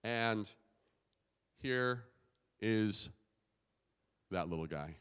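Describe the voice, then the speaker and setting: A man's voice: lowish voice, expressive, very slow, fairly bright tone, smooth. A man giving a conference keynote, punchy and emphatic, with casual swearing. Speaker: keynote speaker. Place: conference hall. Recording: long hall reverb.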